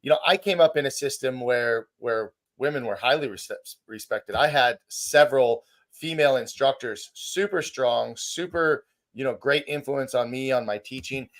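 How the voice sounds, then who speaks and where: A man's voice: mid-range voice, moderate pace, fairly bright tone. A man who hosts a podcast and runs a martial arts school, talking thoughtfully with many restarts. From United States. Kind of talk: casual podcast conversation.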